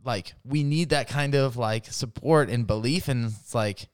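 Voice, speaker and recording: A man's voice: mid-range voice, measured pace, smooth, no room sound, clean studio sound. A man talking as a podcast guest in casual chat, rambling with lots of fillers and laughing as he retells stories.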